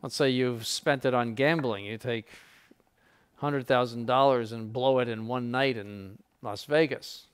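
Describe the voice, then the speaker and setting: A man's voice: medium pitch, steady tone, unhurried, smooth. A man, a bishop teaching clergy, gives an informal lecture and takes questions, talking conversationally and acting out examples and quotes. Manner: earnest, emphatic teaching.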